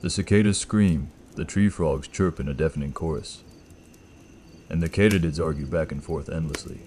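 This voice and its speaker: A man with an extremely deep, slightly gravelly voice narrates a scripted horror tale in a slow, measured, ominous way. Faint crickets and insects hum behind him. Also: a little mellow.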